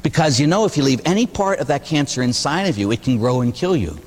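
Animated male priest preaching in a reverberant church. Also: medium pitch, fast talker. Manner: animated, conversational preaching with rhetorical questions and humor. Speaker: Catholic priest. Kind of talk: sermon.

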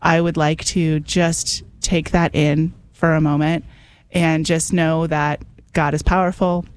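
Woman hosting a radio call-in show, chatty and warm, keeps urging listeners to phone in. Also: deep voice, level tone, slow. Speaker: radio host. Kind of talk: casual radio talk.

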